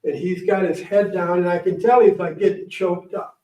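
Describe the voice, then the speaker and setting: A middle-aged man giving a talk at a library, telling a rambling personal story in an animated way and acting out the people in it. The recording is dull and echoey, taken from a distant mic. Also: high voice, normal speed. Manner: animated, rambling, acts out voices. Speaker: guest speaker. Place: library event room.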